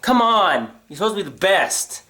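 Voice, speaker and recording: A man's voice: high-pitched, moderate pace. A young man venting sarcastically to his new camera in a comedic rant, recorded on the camera's own mic. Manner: animated, sarcastic, mimics others in silly voices. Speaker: vlogger. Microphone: built-in camera mic.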